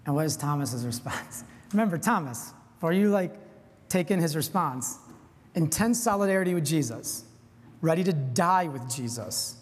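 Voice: mid-range voice, lively intonation, moderate pace. A preacher giving an informal, earnest sermon, with frequent casual asides. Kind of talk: conversational sermon. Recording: long hall reverb.

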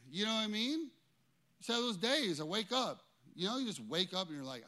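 A man preaching a sermon as pastor in a church, emphatic and animated, often checking in with "okay?". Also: sits high, brisk.

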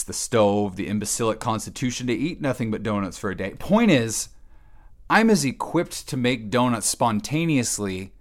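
A man giving a rambling comic monologue, wry and self-mocking, alone in an empty cabin and sometimes breaking into excited yelling. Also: fairly low pitch.

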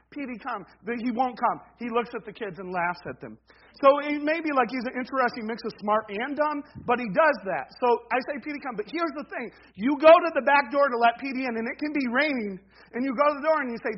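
A man with a very high voice preaches a sermon in a loose, conversational way, tossing in "right?" as he goes. He builds repeated refrains with real emphasis. The recording sounds a little dull and lo-fi. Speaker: pastor.

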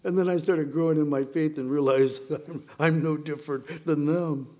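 A man's voice: fairly high pitch, steady tone, normal speed, darkish tone. A middle-aged man preaching a sermon, telling the story with playful asides to the congregation. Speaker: pastor.

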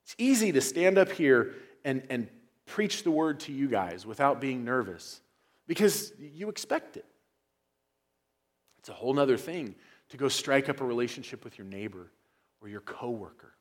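A male pastor preaching a sermon in a church, moving from quiet, low passages to loud, emphatic ones. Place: church sanctuary.

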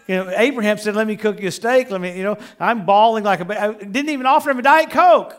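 Animated preacher, loud then hushed. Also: male voice, fairly high pitch. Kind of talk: sermon.

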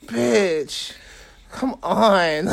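A man chatting casually on a podcast, camp and animated, swearing often. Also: high voice, very slow, gravelly. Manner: profane, campy and animated. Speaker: guest. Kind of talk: casual chat. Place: Bay Area.

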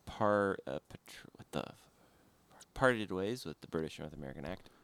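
Animated joking podcast co-host man. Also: low-pitched, measured pace, creaky, smooth, no echo. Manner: jokey, animated, self-deprecating. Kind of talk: casual podcast banter.

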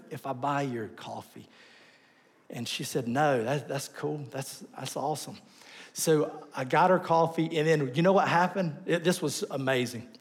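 A man preaching a sermon, telling stories with lively swings between loud bursts and soft asides. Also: on the high side. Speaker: pastor.

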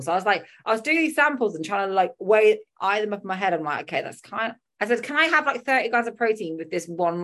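A young adult woman chatting casually, telling lively stories and acting out what people said, swearing freely. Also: fairly low pitch. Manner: animated storytelling, acting out quotes. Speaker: fitness competitor. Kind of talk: casual chat.

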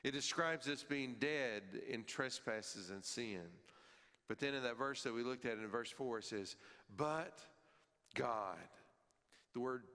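A man preaching a sermon as pastor, emphatic, repeating key phrases and rising in pitch and force as he drives a point home. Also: normal speed, bright, forceful tone, big-room sound.

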